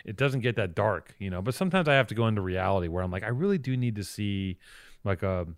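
A man in his twenties from Southern California, co-hosting a comedy podcast and telling crude stories with deadpan asides. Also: lowish voice, fast, dry recording, studio quality. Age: 20s. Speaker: podcast co-host. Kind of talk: casual comedic podcast banter.

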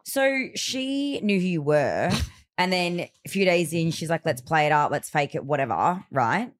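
A woman's voice: low voice, animated, measured pace. A woman co-hosting a chat podcast, pressing her guest with questions. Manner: probing, questioning. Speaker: podcast co-host. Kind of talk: casual chat.

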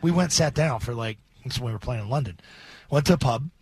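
A man co-hosting sports radio who tells stories in a loose, animated way. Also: mid-range voice, fast talker, breathy edge, no echo. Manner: animated storyteller. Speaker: radio co-host and former player. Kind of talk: casual sports radio banter.

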